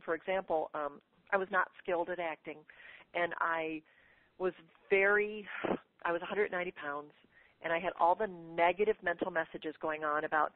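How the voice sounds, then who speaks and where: A woman's voice: lowish voice, no echo. Woman telling a story over a tinny phone line. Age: middle-aged. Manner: lively, animated anecdote-telling. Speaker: guest author. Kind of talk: radio interview storytelling.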